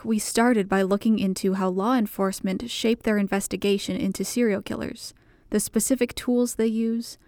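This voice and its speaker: Warm woman narrating audiobooks. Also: medium pitch, no room sound, studio quality.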